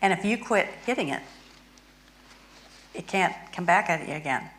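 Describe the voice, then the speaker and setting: A woman guest expert earnestly explains and demonstrates a therapy toy, getting hands-on and acting out feelings as she goes. Her fairly low, fairly bright voice has lively intonation at normal speed, but the audio is poor with slight background noise.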